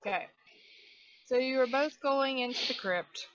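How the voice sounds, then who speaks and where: Woman gm for a tabletop game, kinda high voice, loose and chatty, dull dry audio. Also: measured pace, no room sound. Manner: relaxed, with many fillers and restarts. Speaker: game master.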